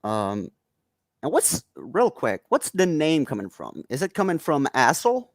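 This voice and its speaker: A man's voice: on the high side, huge pitch swings, measured pace, creaky, dry recording. Canadian male podcast host at home; loose, rambling, chatty delivery, dry recording. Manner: rambling, reads chat aloud, laughs often. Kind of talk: casual chat. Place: home room.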